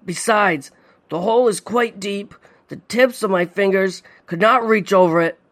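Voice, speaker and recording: A man voicing a desperate father trapped in freezing water, perhaps a monster mimicking him, pleading in strained shouts. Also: high voice, moderate pace, voice pushed up.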